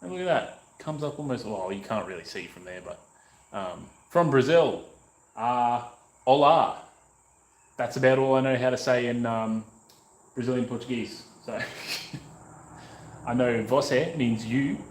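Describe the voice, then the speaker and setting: A man's voice: medium pitch, unhurried. An Australian man from North Queensland, chatting casually and joking with rambling asides while working in his workshop. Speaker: motorcycle restoration vlogger. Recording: echoey room, faint background noise.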